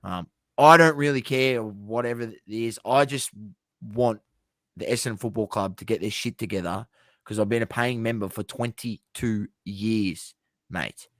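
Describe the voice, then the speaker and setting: A man's voice: lowish voice, moderate pace, a bit bright, no echo, clean studio sound. A man with an Australian accent co-hosting a podcast in casual sports chat, blunt and swearing freely, repeating himself for emphasis. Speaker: podcast co-host.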